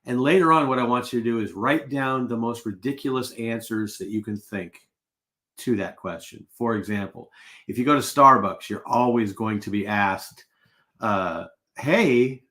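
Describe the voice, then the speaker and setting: A man's voice: medium pitch, animated, normal speed, bright, forceful tone. A middle-aged man coaching salespeople on a live webinar, casual and full of anecdotes, acting out the exchanges he quotes.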